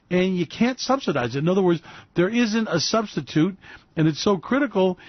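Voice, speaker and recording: A man's voice: on the high side, no room sound. A man hosting a radio commentary monologue, rambling and sarcastic. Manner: rambling, sarcastic, fillers and restarts. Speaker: host. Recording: dull lo-fi dry recording.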